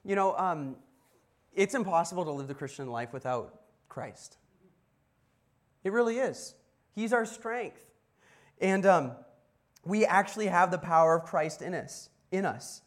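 A man's voice: high voice, animated, a little slow, long pauses. A man preaching a casual sermon as pastor, telling a story with asides to the congregation. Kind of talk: conversational sermon.

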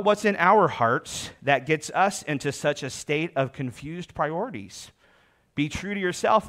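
A man's voice: fairly high pitch, fairly bright tone. A man preaching a sermon as pastor, reading scripture aloud and explaining it with emphatic repetition.

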